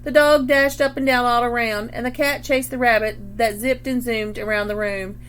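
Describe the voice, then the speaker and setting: A woman's voice: on the high side, moderate pace. Woman reading a picture book aloud. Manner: expressive, stops to ask questions and point at pictures. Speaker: read-aloud reader.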